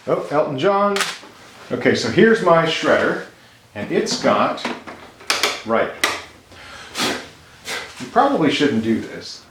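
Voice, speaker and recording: A man's voice: fairly high pitch, very animated, slow, long pauses. Chatty man in an echoey workshop. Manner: chatty and enthusiastic, thinks out loud. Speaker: resin maker and YouTuber. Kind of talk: casual chat to camera. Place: home workshop. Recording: echoey workshop with loud machine noise.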